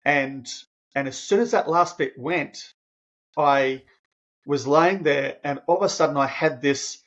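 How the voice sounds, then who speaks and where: This fairly high-pitched male voice speaks a little slowly, and the recording's highs are cut off. He's a podcast guest in his 50s sharing a personal story, earnest and emotional, frequently starting phrases over and livening up whenever he repeats his own words.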